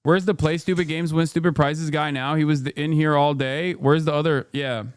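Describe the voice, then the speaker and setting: A male streamer ranting through casual reaction commentary, animated and profane, rambling as he goes. His voice sits fairly high and is recorded close and dry, with no room around it. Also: normal speed, clear, resonant tone, no room sound. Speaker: streamer host.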